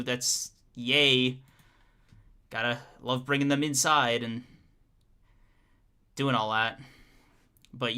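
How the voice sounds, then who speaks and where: A man's voice: medium pitch, sharp tone. A young man co-hosting a podcast livestream, chatting casually with his audience, joking, laughing a lot and restarting his sentences. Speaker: podcast co-host.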